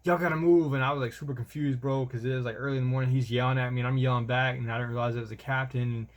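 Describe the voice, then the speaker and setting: A man's voice: mid-range voice, little pitch movement, rapid-fire. A young man, telling a rambling, slangy vlog story about army training and calling the listener bro. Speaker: soldier vlogger.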